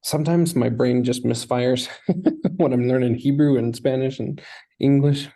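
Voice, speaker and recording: A man teaching a Hebrew lesson, speaking at a slow, unhurried pace with a gravelly edge to his voice. He explains patiently and keeps checking in with his student through questions. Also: mid-range voice, fairly even intonation, mellow. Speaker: Hebrew tutor. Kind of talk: online language lesson.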